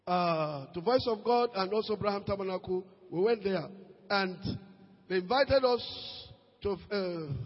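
A Nigerian man preaching a sermon as pastor, swinging between shouted peaks and low asides, slipping into Pidgin. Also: unhurried, in a large hall, dull audio. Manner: preaches with sudden shouted rises and quiet drops, mixes in Pidgin.

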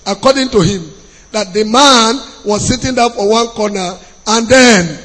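A Nigerian man preaching a sermon in a very high, husky voice. He tells a story and pushes up to shouts for emphasis. His voice rings out with a long hall reverb behind it. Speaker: pastor.

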